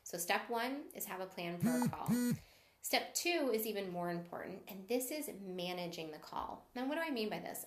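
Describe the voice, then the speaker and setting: Woman sales coach, live-stream teaching, upbeat and encouraging, mid-pitched voice, echoey room. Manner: upbeat and encouraging, greets viewers mid-talk.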